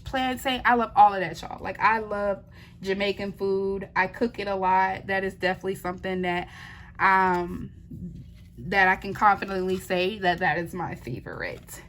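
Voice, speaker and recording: A woman's voice: mid-range voice, fairly bright tone, slight background noise. A woman, a wife and mother, chatting casually while she works on a craft. She answers viewer questions, laughs easily and keeps saying "y'all.". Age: adult, wife and mother. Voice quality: chatty, laughs often, says "y'all" a lot. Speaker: diamond painting channel host.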